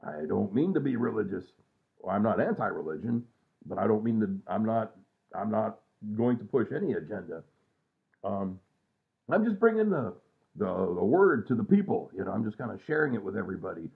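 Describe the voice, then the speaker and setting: A man in his sixties, vlogging from home at night, rambles in a casual, self-mocking way, with lots of fillers and trailing thoughts. His voice is on the low side, expressive, and has vocal fry, and he speaks a little fast. The audio comes through tinny, like a phone.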